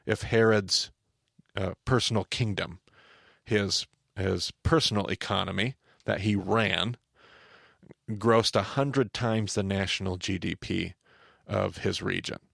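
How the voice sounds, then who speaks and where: A man with a low, gravelly voice teaches scripture as a podcast host, talking in animated bursts and tossing questions to his co-host. The sound is dry and close, with no room around it. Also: takes it slowly, dry recording. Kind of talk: conversational Bible teaching.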